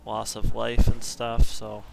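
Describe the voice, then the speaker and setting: A man's voice: on the low side, monotone, slow, gravelly, noisy background. Chatty male game streamer. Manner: chatty, self-deprecating, joking with chat. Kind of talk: casual live-stream chat while gaming.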